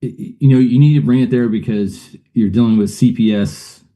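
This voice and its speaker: A man's voice: medium pitch, brisk, mellow. A middle-aged man, a guest on a show, telling a personal story in a rambling way, with many fillers and uneasy laughs.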